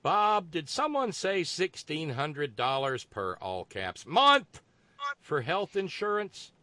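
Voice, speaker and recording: A man's voice: on the high side, big pitch swings, slow, pushed and bright, no echo. A man hosting a casual political talk show, reading a listener's note aloud with dry asides. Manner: reads figures aloud with dry asides, some stammering. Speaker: host.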